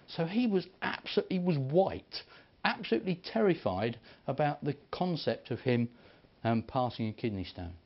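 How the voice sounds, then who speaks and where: A man preaching, telling stories in an animated way and acting out the people he quotes. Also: fairly high pitch, normal speed. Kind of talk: sermon storytelling. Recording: dull lo-fi recording.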